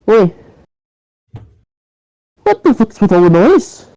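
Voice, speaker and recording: Woman doing a crude, confrontational stout neighbor, loud and brash, dry sound. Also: mid-range voice, measured pace, no echo, pitched above the performer's own voice, natural voice, poor audio. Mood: irritated.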